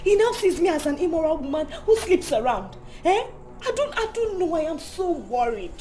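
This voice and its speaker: An actress with a Nigerian accent playing a worried wife who pleads and keeps asking "eh?". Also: female voice, very high-pitched, big pitch swings, moderate pace, mellow, slight background noise. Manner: pleading, exclaims "eh?". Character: worried wife falsely accused of cheating.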